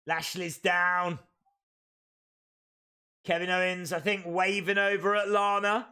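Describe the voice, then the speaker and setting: A man with a high voice hosts a live watch-along stream. He reacts excitedly as things happen and calls out each move. His tone is bright and sharp. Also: slow, pauses often, clear, resonant tone.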